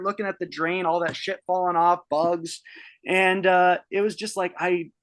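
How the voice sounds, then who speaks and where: A man's voice: high-pitched, little pitch movement, normal speed, fairly bright tone. A man in his early thirties telling a personal story on a podcast, casual and rambling, swearing freely with many restarts. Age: 30s. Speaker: podcast guest.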